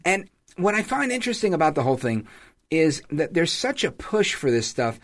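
A man's voice: on the high side, very animated, moderate pace. A man hosting a podcast, delivering a political commentary monologue and breaking into mocking impressions of radio ads. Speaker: podcast host.

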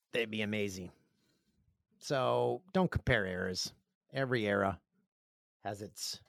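Male podcast host, rambling and jokey, animated pitch, dry close sound. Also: gravelly, no room sound. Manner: joking, rambling storyteller. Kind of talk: casual chat.

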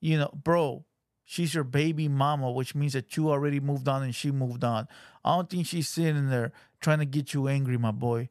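A man's voice: mid-range voice, steady tone, moderate pace, a little mellow, no echo, clean studio sound. A man hosting a reaction show, talking in blunt, profane, scolding casual commentary.

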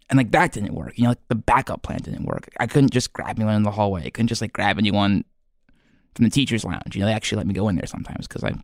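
A man hosting a podcast in a rambling comedic monologue, halting and earnest, full of fillers and restarts, sounding self-doubting. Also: medium pitch, no room sound, studio quality. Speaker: podcast host.

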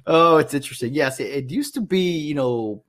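A man's voice: fairly high pitch, animated, fairly quick, a bit bright. A sports podcast host whose voice rises and falls a great deal. He chats casually, laughs often and keeps the questions coming.

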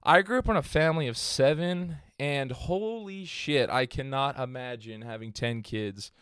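A man hosts a podcast in a loose, rambling way, full of "um"s and "like"s. His voice is smooth and clear and sits at an ordinary pitch. The sound is close and dry, with no room ring. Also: moderate pace, fairly bright tone, dry recording. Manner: rambling, filler-heavy, laughs at own jokes. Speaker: podcast host. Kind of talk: casual storytelling chat.

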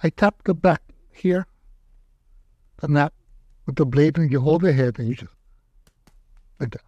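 Older male aikido teacher, animated anecdotes, dull dry recording. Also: a little high, a little slow, no room sound. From Hawaii. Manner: animated, acts out quotes in raised voice. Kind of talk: casual storytelling interview.

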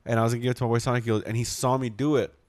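A man guesting on a podcast in casual chat, an animated storyteller who acts out quotes. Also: medium pitch, very fast.

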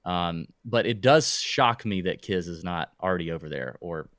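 A man with a fairly low voice talks through a casual sports chat. He rambles, stalls and restarts his sentences often. The sound is close and dry, with no room around it. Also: moderate pace, fairly bright tone, no room sound. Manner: rambling, hesitant, with many restarts. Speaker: podcast co-host.

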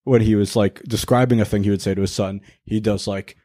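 Male co-host, loose casual chat, rambling and deadpan, dry mic. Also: lowish voice, a little fast, no echo. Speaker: podcast co-host.

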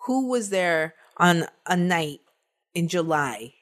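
A woman's voice: fairly low pitch, expressive, slow pace, fairly bright tone. A woman co-hosting a podcast, telling a true-crime case in a casual, chatty way and laughing between the facts.

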